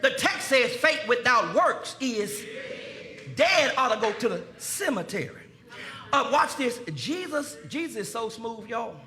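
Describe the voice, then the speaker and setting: A pastor, preaching a sermon in a folksy style, speaking to his congregation and building to shouts. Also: very high-pitched, big pitch swings, unhurried, faint music behind. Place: church sanctuary.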